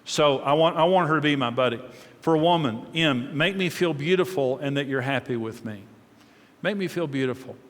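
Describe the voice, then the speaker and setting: A man's voice: a little high, brisk. A middle-aged man giving a conversational marriage talk to an audience, often repeating words and telling anecdotes. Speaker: marriage teacher. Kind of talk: teaching talk to a live audience. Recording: long reverb of a large hall.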